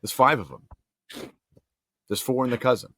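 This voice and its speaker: A man's voice: medium pitch, a little slow, a bit bright, dry recording, studio quality. A man co-hosting a casual movie podcast, laid-back and joking with slangy banter. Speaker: podcast co-host. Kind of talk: casual film review chat.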